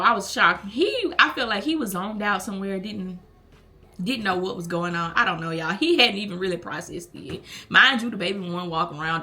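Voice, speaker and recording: A woman, chatting animatedly to viewers as she tells a storytime vlog. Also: mid-range voice. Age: late 20s. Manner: animated, chatty, slangy, talks to viewers as y'all. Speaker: vlogger. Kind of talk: casual storytime chat.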